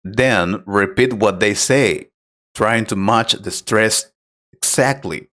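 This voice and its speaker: A man acting as an English teacher who explains pronunciation tips patiently and clearly in a scripted conversation lesson. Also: fairly low pitch, takes it slowly, a bit bright.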